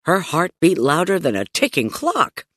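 A woman narrating a children's audiobook in a playful, expressive storytelling manner, close to a studio mic. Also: on the low side, moderate pace, husky, no echo.

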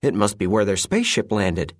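A man's voice: fairly low pitch, big pitch swings, brisk, no echo, clean studio sound. A man reading a children's story aloud and voicing an eager young boy. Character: eager young boy who believes in aliens.

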